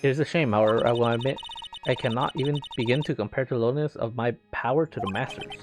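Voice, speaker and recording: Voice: mid-range voice, fast, natural voice. A player reading game dialogue aloud, voicing a stern, formal older woman spirit medium over game music. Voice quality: stiff, overly formal phrasing.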